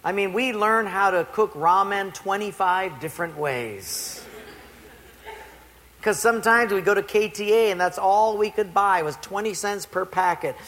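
A middle-aged male pastor preaching a sermon to a congregation, telling stories in an animated, playful way. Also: high voice, unhurried, slight background noise. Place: church before a congregation. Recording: long hall reverb.

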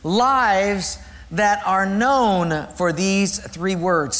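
A man preaching a sermon as pastor, reading scripture slowly and deliberately and joking with the congregation. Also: high-pitched, fairly bright tone, in a large hall. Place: church sanctuary.

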